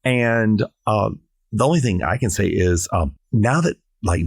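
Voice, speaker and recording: A man's voice: fairly low pitch, animated, unhurried, breathy edge, no echo, clean studio sound. A middle-aged man from South Carolina, a drag performer chatting on a podcast in a playful, theatrical, jokey way. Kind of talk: casual podcast chat.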